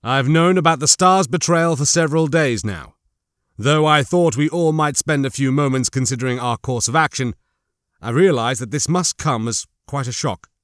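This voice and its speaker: A man doing a calm, formal team leader. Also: medium pitch, no echo, studio quality, natural voice. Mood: measured. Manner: formal, measured.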